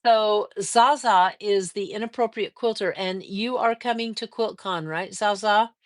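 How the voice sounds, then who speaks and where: An older woman hosting a casual quilting livestream, reading viewer comments aloud and answering them with chatty encouragement and drawn-out fillers. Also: mid-range voice, no room sound, studio quality.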